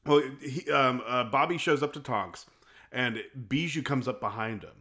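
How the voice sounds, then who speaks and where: Bright-voiced man retelling a film. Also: mid-range voice, normal speed. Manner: animated storytelling, acts out scenes. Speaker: podcast co-host. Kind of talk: casual film discussion.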